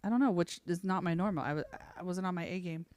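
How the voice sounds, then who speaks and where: A young woman co-hosting a podcast in casual, excitable chat, swearing and tripping over her words. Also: on the low side, quick pace, no room sound. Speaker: podcast co-host.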